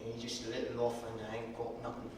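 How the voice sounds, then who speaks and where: A man on a theatre stage playing an old blind male pencil peddler who talks in a gruff, rustic way, slow and mournful. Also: medium pitch, monotone, a little mellow, slight background noise, close to an everyday voice. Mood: weary. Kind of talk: stage recital acting. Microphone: distant room mic. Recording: echoey hall from far off.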